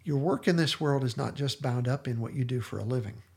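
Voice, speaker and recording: A man's voice: medium pitch, a little fast, creaky, breathy edge. A man hosting a podcast, retelling scenes in an earnest, enthusiastic casual discussion. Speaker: podcast host.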